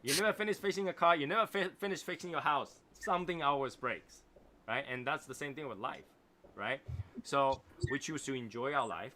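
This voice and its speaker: A man's voice: mid-range voice, fairly quick, pushed and bright. A man with a non-native English accent hosting a casual livestream chat, reading viewer comments and reflecting in a rambling way, often asking "right?". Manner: reflective, rambling, repeats phrases and asks "right?". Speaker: host of a cigar livestream.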